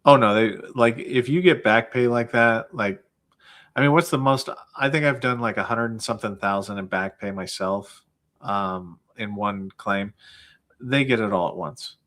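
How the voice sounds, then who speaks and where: Male guest, lower pitch, relaxed explainer, filler-heavy delivery. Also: normal speed. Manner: explains plainly with many likes and fillers. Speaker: guest, claims processor. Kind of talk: casual explanatory chat.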